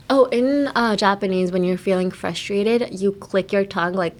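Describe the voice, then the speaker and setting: A woman's voice: mid-range voice, moderate pace. A young woman hosting a bilingual podcast, chatting casually and playfully as she teaches. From United States. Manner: playful, giggly, switching between English and Japanese. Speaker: podcast host.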